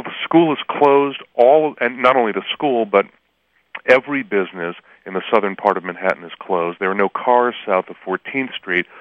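Deep-voiced man on a tinny phone line. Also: no room sound. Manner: earnest, halting, with frequent restarts. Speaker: law professor calling in as guest. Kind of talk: phone-in interview. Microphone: telephone.

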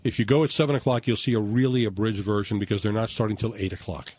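A man's voice: lowish voice, fairly even intonation, darkish tone, dry recording. Chatty male talk radio host. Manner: chatty, quick asides and plugs.

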